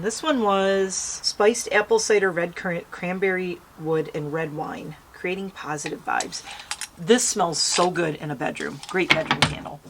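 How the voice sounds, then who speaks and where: A woman's voice: on the low side, a little hiss or hum. Chatty woman vlogging her makeup outdoors. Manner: chatty, bubbly, talks to viewers while doing makeup. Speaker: beauty vlogger. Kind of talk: casual makeup tutorial chat. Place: outdoors, breezy natural light.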